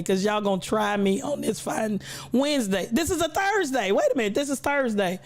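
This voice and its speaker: A woman hosting a casual livestream, bantering with her chat in a playful, churchy cadence and laughing often. Her voice sits a little high for a woman and sounds slightly worn, as if she is getting it back after losing it. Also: lively intonation, normal speed. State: recovering voice, coughing. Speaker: livestream host.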